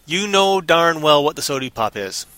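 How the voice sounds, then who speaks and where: A man's voice: a little high, expressive, normal speed, pushed and bright. A man co-hosting a livestream, rambling through silly made-up stories in a goofy, random way. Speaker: stream co-host. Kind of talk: silly improvised storytelling on a livestream.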